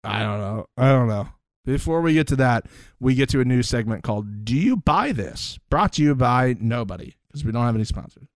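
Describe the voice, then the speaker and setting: A man's voice: fairly quick, no echo. A man co-hosting a casual reality show recap podcast, acting out other people's lines in mock voices. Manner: animated, swings pitch for mock quotes. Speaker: podcast co-host.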